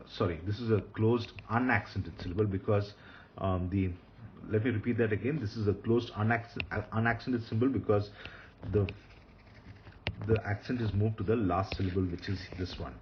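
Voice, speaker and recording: Here a man with a fairly low pitch teaches Hebrew grammar in a recorded lecture. He's patient, repeats key ideas, and pauses frequently with fillers. The sound is muffled with a little hiss or hum.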